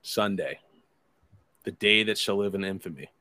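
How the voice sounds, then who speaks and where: A man's voice: lowish voice, moderate pace, sharp tone, no room sound. A man telling a rambling, profane story in casual chat, acting out his friends' lines. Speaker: podcast host telling a story.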